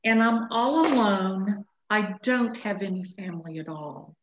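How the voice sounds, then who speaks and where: A woman's voice: mid-range voice, animated, measured pace, noisy background, natural voice. A woman voicing a small, lonely young male bunny who speaks in a plaintive, sniffling way. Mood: sad. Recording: echoey room, dull lo-fi sound.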